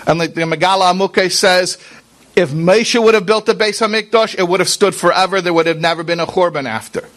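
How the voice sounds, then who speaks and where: A man's voice: sits high, fairly quick, a bit bright. A man giving an earnest, conversational sermon as a rabbi, talking straight to his listeners and mixing in Hebrew and Yiddish religious terms. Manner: earnest, talks straight to listeners with rhetorical questions. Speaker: rabbi giving a Torah class.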